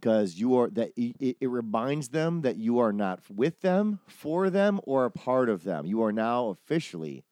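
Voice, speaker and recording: A man's voice: mid-range voice, moderate pace, hardly any pauses, no echo. Profane storytelling man, dry close sound. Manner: animated, profane, acts out quoted people. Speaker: podcast host telling a story. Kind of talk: casual storytelling chat.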